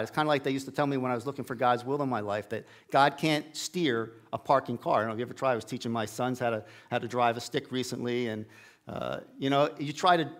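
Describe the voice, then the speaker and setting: A middle-aged man preaching a casual storytelling sermon in a church sanctuary, acting out the characters' lines with a raised voice. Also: mid-range voice. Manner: folksy, acts out Bible characters' lines with raised voice.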